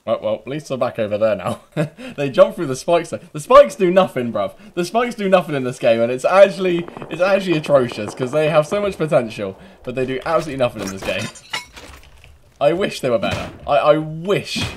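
A young British man giving cheeky gameplay commentary, laughing often and breaking into loud taunting yells. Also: a little high, very animated, fairly quick, slight background noise. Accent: British English. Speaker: gaming YouTuber.

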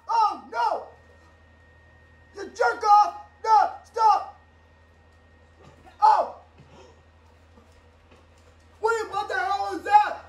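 A woman improvising a toy play, voicing several characters and switching voices, with bursts of shouting. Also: very high-pitched, very slow, pauses often. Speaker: home video creator. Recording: echoey room with faint background noise.

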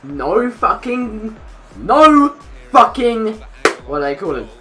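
A young man commentating his own football video game, hoarse from shouting, loud and excitable, swearing constantly and yelling at the players. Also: high voice, slow, music in the background. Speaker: gamer and channel host. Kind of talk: let's play commentary.

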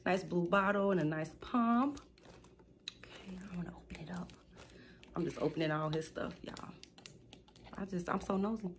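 A woman, chatting casually and excitedly as she unboxes gifts at home, calling out to viewers. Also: on the low side, noisy background. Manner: excited, gushing, addresses viewers as y'all. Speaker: small business unboxing vlogger.

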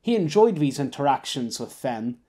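A man narrating an audiobook in a steady, wry storytelling manner. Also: medium pitch, moderate pace, breathy edge. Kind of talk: scripted narration.

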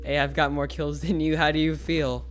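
Excitable young man calling a game. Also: a little high, moderate pace, over music. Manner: excitable, laughing, frantic calls for help. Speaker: gaming channel host. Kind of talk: casual gaming commentary.

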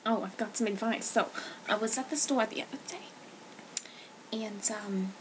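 A woman's voice: medium pitch, moderate pace, noisy background, natural voice. A woman playing a chatty, scatterbrained bargain-hunting lady who rambles, giggles and repeats a catchphrase, in a comedy sketch. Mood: rambling gossip. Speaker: co-host of a comedy talk sketch. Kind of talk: comedic improvised chat sketch.

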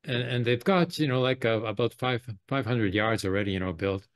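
A man's voice: mid-range voice, fairly quick, clear, resonant tone. A mid-voiced man in casual talk who rambles, padding his lines with fillers. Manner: rambling, many "you know" fillers. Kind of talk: casual political chat.

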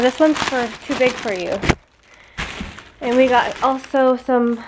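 A young mother vlogs casually from home in a voice on the high side, easygoing and chatty, turning now and then to talk to her babies. Background noise can be heard.

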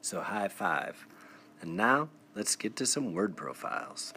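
A man with a very low voice walks young students through a spelling exercise on a screencast. His delivery is encouraging and methodical. A faint hiss sits under the recording. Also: very animated, a little slow, pushed and bright. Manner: encouraging, explains step by step. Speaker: teacher. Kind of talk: classroom screencast lesson. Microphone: device mic for screen recording.

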